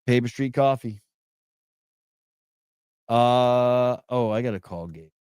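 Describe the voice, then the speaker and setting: A man's voice: medium pitch, takes it slowly, a little mellow, clear, resonant tone, no room sound, clean studio sound. Blunt, profane man hosting a podcast. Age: adult with children. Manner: blunt and profane, restarts words often. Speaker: podcast host. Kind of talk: casual live call-in chat, reading viewer comments.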